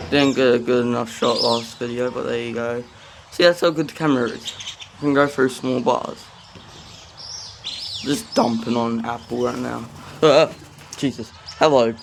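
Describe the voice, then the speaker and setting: A man's voice: medium pitch, steady tone, unhurried, creaky, pauses often, a little hiss or hum. Rambling man vlogging outdoors at a zoo. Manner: rambling, self-aware chatter with filler words. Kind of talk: casual walking vlog. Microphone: handheld phone camera.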